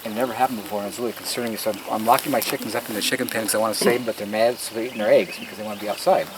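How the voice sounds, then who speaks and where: Very fast and steady in tone, a low-voiced man tours his garden outdoors and tells casual stories in an earnest, emphatic manner, dropping in asides like a preacher. Outdoor noise runs through the field recording.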